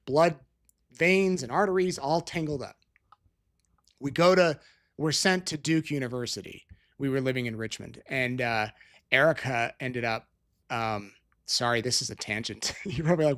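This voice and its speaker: A middle-aged man hosts a live stream in a loose, casual chat. He rambles, restarts sentences and wanders off on tangents while answering viewer questions. His voice sits at an ordinary middle pitch. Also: a bit bright. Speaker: show host. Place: Utah.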